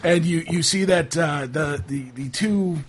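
A man narrating as game master for a tabletop game, halting with many fillers. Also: a little high, a little hiss or hum.

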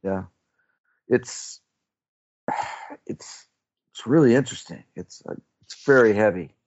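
A man's voice: lowish voice, takes it slowly, a little mellow, muffled recording. A man playing a character in a tabletop role-playing game, stammering and restarting his words. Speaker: player. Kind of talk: casual tabletop play.

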